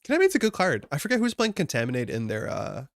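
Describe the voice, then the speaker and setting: Chatty Canadian man with a gravelly voice. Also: medium pitch, huge pitch swings, fast talker, no echo, clean studio sound. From Alberta, Canada. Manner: chatty and self-mocking, thinks aloud, laughs often. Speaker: streamer building a card game deck. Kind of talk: casual live-stream chat.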